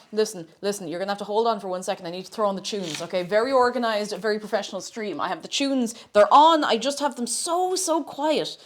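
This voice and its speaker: A young woman chatting on a live cooking stream, bubbly and sing-song as she greets her chat from a home kitchen. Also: mid-range voice. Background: faint background music.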